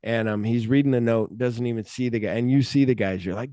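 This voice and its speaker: With a medium-pitched voice and a slightly fast delivery, a man co-hosting a podcast animatedly recounts a film, acting out scenes, humming the musical cues, and swearing liberally. The sound is a clean studio recording with no echo.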